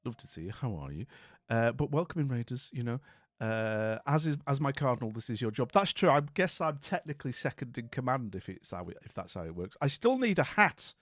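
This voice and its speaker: Casting: tired, chatty male streamer, animated and fairly high, dry close mic. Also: fairly quick, no echo. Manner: chatty, jokey, rambling with fillers and restarts. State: tired and dopey. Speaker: livestream host. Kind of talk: casual live-stream chat greeting viewers.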